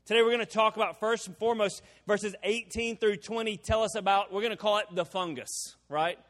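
A man's voice: high-pitched, fairly even intonation, brisk, a bit bright. A man preaching a sermon as pastor, in a conversational way, often asking the crowd rhetorical questions. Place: church hall. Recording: long hall reverb.

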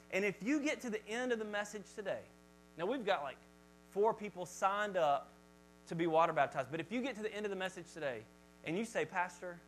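A male pastor preaching a sermon to his congregation in church, talking in a lively, chatty way and joking with the crowd. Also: high-pitched, slight background noise, rough recording. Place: church service before a congregation.

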